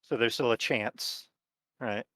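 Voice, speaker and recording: A man narrating as game master of a tabletop horror game, talking in a relaxed, rambling way with lots of fillers. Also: medium pitch, takes it slowly, no room sound.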